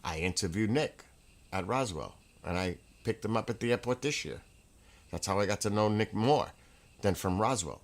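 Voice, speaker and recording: A man hosting his own livestream from a room at home, telling casual, rambling stories in an excitable way, with restarts and laughs. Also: on the low side, normal speed. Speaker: livestream host.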